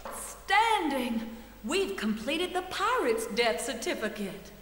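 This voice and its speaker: An actress voicing a mystical female spirit guide in a game, speaking slowly and theatrically. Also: sits high, very animated, exaggerated voice. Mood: triumphant. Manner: slow, theatrical, wondering. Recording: echoey reverb effect.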